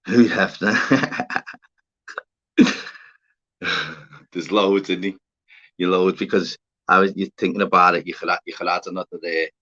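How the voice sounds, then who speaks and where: Livestream host, Scouse man, very low pitch, chatty and sweary, dull lo-fi audio. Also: steady tone, slow, pauses often, bright, forceful tone. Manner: chatty, swears casually, calls viewers mate and fella. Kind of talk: casual livestream chat with viewers. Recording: slightly dull lo-fi sound.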